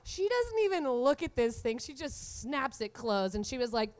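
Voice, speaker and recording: A woman in her twenties telling a comic story from her own life, animated and often laughing through the punchlines. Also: fairly high pitch, normal speed. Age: 20s. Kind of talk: live comedic storytelling.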